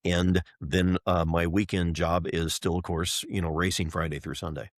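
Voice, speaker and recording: A man's voice: low-pitched, little pitch movement, moderate pace, no echo, clean studio sound. A middle-aged man, a race driver and entrepreneur, telling an enthusiastic story as a podcast guest, acting out the voices of people he quotes. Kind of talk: animated storytelling in a podcast interview.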